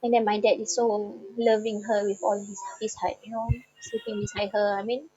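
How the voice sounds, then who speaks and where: A woman tells an emotional personal story, halting and heartfelt, with many repeated fillers. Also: mid-range voice, level tone, dark tone, no room sound. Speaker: bereaved daughter sharing a personal story. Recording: slightly dull, dry recording.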